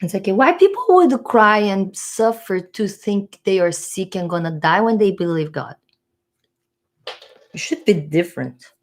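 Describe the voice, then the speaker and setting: A woman talks through her thoughts in a casual vlog monologue. She rambles, restarts and hesitates as she reaches for the right words, at a medium pitch. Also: expressive, a little slow. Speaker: vlogger.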